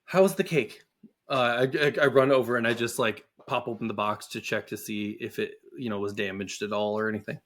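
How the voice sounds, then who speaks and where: A man's voice: lowish voice, level tone, brisk, hardly any pauses, a bit bright. A man playing in a tabletop game, playful and a bit hesitant. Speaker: player.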